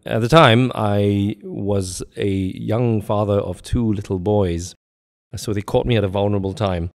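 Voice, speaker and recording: This older man from Singapore talks with a fairly low, steady, creaky voice, unhurried. Appearing as a guest actor in a relaxed interview, he uses a neutral international English accent with a light British tint, sounding earnest and reflective with little laughs between ideas.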